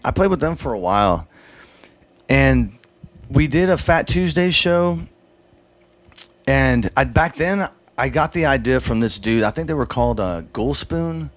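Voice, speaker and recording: A man's voice: medium pitch, no room sound. A man, a drummer telling loose, profane, rambling stories in a casual interview and acting out other people's lines. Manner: loose, profane, rambling storyteller who acts out quoted voices.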